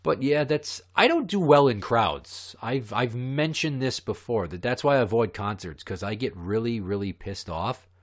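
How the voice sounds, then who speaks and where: A man hosting a podcast who tells stories in a profane, heated, ranting way. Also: medium pitch. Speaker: podcast host. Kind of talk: ranting storytelling.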